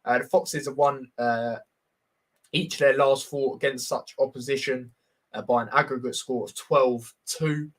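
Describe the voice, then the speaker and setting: A man's voice: mid-range voice, steady tone, a little slow, a bit bright. A young man giving casual, blunt football predictions on a livestream, reading stats and viewer comments with lots of fillers.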